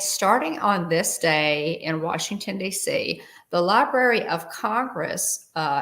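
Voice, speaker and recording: Hosting a relaxed livestream, a woman chats away, reading out trivia and welcoming viewers by name. Her voice leans low and has a bit of brightness.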